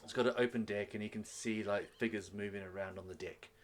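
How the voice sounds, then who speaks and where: A man's voice: on the low side, fairly even intonation, brisk, a little hiss or hum. A man narrating a tabletop game as game master, in a rambling, descriptive way with many fillers.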